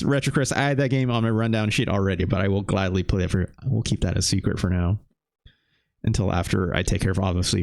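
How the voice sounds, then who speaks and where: A man in his thirties streaming a retro game, chatting with viewers in a loose, animated way and swearing casually. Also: low-pitched, gravelly. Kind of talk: live game stream chat.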